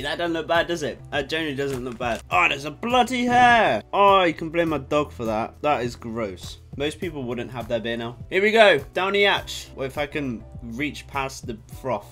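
A young British man of nineteen chats to his camera at home late at night. He rambles and gets excitable, swearing easily between thoughts. His voice sits at an ordinary middle pitch, with soft music faintly in the background. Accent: British English. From Britain. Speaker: YouTuber. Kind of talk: casual vlog chat to camera.

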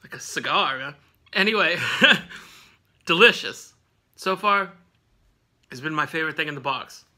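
A man's voice: on the high side, lively intonation, a little slow, long pauses, bright, forceful tone. A man hosting a casual snack review vlog at home, rambling with lots of fillers and laughing often.

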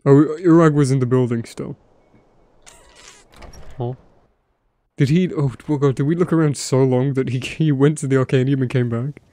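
A man's voice: medium pitch, fairly even intonation, moderate pace, pauses often, warm tone. A young man casually commenting on his gameplay while streaming, playful and profane.

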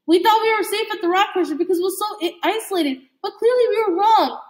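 A woman reading a novel aloud in a halting way, with slips and restarts. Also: very high-pitched. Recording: echoey room.

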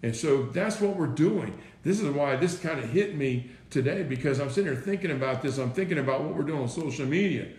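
In a room that rings with echo, a preacher gives a loose sermon, circling back over his words, tossing out rhetorical questions, and dropping "right?" and "listen." He speaks briskly with hardly any pauses, his somewhat high, expressive voice a little mellow.

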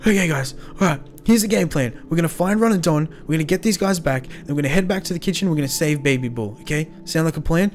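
Excitable slangy man, a bit high. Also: fast talker, hardly any pauses, a little hiss or hum. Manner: excitable, slangy, calls friends bro and fam. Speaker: host playing the lead character. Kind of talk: Minecraft role-play acting.

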